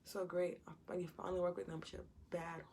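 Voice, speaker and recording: A woman's voice: on the low side, little pitch movement, rapid-fire, a little mellow, a little hiss or hum. A woman giving an informal Bible teaching in a conversational way, retelling scripture stories and acting out what the people in them say. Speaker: Christian preacher.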